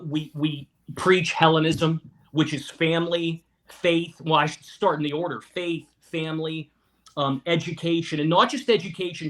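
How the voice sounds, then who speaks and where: A middle-aged man from Weirton, West Virginia, speaks in a fairly high, slightly bright voice as an interview guest telling his family story. He is earnest and often restarts his words.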